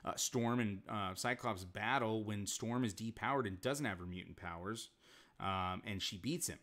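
A man talks through a cartoon episode on his livestream in a lowish voice. He rambles and swears freely, dropping quick voiced asides for the characters as he goes. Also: a bit bright. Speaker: streamer reviewing comics and shows. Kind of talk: casual livestream commentary.

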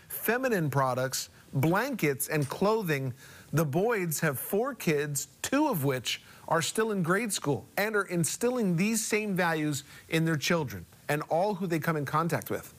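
A TV show host reading out a community kindness award in a measured, upbeat way, then bantering with his co-host. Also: fairly high pitch, a bit bright. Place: TV studio.

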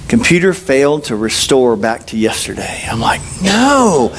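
A man's voice: medium pitch, very animated, measured pace, slight background noise. A man preaching a sermon at a church service in a humorous, conversational way, telling stories and acting out the dialogue in changing voices. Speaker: pastor.

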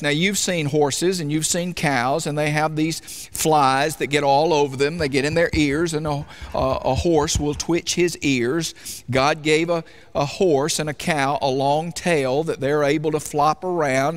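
A male pastor preaching to his congregation in a church sanctuary. His voice sits a little higher than most men's, and he speaks in a loose, conversational way, often stopping to ask the listeners questions. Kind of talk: sermon.

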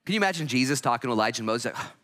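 A male pastor preaching a sermon, swinging from hushed lines to loud, energetic outbursts and acting out voices. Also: medium pitch, rapid-fire. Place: church.

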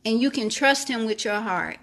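A woman's voice, a little high and fairly bright, carries a devotional sermon at a moderate pace. She reads scripture aloud, then comments, repeatedly emphasizing that listeners should trust God.

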